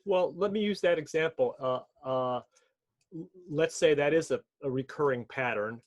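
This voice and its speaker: Hesitant male interviewer, lo-fi. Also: on the high side. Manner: hesitant, halting questions. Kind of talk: interview questions.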